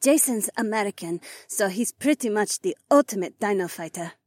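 A man's voice: sits high, lively intonation, normal speed, darkish tone, no room sound, studio quality, voice pushed up. A man doing an upbeat young woman fighter. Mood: matter-of-fact.

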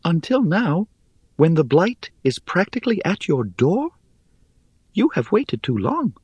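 A man's voice: a little high, wildly swooping pitch, a little slow, darkish tone, husky, no echo, pitched above the performer's own voice, exaggerated voice. A man voicing an ancient female spider in a small, airy voice, wry, teasing and superior, in a storybook reading. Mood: scolding.

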